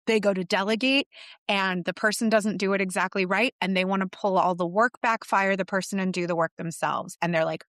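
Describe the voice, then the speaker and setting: A middle-aged woman, a business coach, telling a story in a podcast monologue and acting out her clients' inner voices with animated shifts. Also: medium pitch, fairly quick, dry recording, studio quality.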